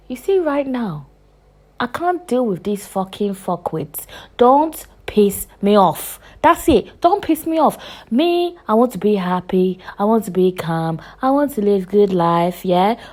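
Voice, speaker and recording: A woman in her twenties hosting a podcast, delivering a heated, profane rant full of repetition, with loud bursts and hushed asides. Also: medium pitch. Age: 20s. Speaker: podcast host. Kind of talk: casual podcast monologue.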